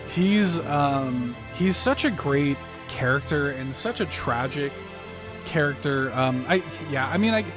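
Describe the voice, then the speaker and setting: A man co-hosting a podcast, talking in a halting, emotional way, with many restarts and fillers. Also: a little high, expressive, over music. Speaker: podcast co-host. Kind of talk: casual podcast discussion.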